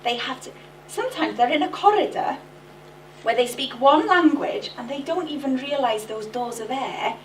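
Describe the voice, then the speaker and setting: A middle-aged woman from Wales speaks in a high, lively voice, moving between Welsh and English as she addresses a conference. She sounds distant from the microphone in an echoey hall, with faint room noise behind her. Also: moderate pace. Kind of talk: lively bilingual conference talk.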